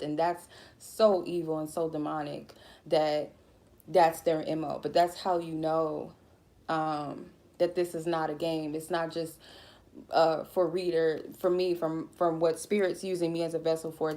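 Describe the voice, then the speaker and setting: A woman tarot reader giving a blunt, profane, laid-back spiritual reading in a mellow, chill way. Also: sits low, level tone, unhurried. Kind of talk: casual spiritual reading monologue.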